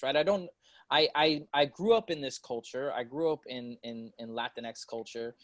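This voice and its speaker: A man's voice: mid-range voice, moderate pace, no echo. Slangy, laid-back man. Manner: loose, slangy, laughs often. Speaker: podcast panelist. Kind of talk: casual panel discussion.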